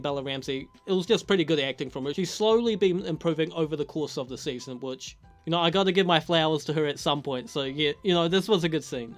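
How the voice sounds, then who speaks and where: A man's voice: fairly high pitch, fairly bright tone. A young adult man giving a casual spoken TV episode review, talking loosely, swearing a lot and laughing often. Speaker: TV show reviewer.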